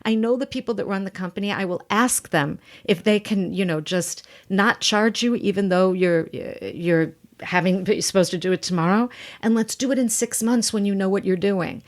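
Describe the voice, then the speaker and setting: A woman acting coach, a guest on a podcast, talking emphatically and bluntly in animated stretches. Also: mid-range voice, normal speed, few pauses. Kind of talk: podcast interview.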